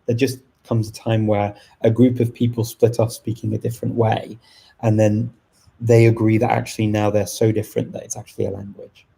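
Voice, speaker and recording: A middle-aged man chatting casually on a live stream, thoughtful and rambling, with frequent pauses and restarts. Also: fairly low pitch, flat delivery, gravelly, warm tone, breathy edge. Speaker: language channel host.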